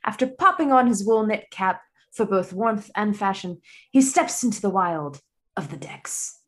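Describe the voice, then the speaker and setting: A woman doing a british nature doc narrator voice, dramatic hushed storytelling. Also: mid-range voice, expressive, unhurried. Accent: put-on British.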